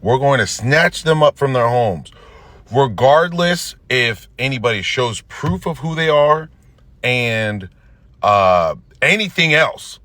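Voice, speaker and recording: Man in a clip, exasperated and halting, lively pitch, dry audio. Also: no room sound.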